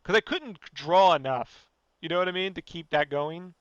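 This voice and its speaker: A man with a high, bright voice rants bluntly on his own podcast, swearing freely and circling back with "you know" again and again. The sound is dry and dull, like a lo-fi home recording. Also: normal speed, no room sound. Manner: blunt, profane, rambling, fillers like "you know". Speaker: podcast host. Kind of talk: casual podcast rant.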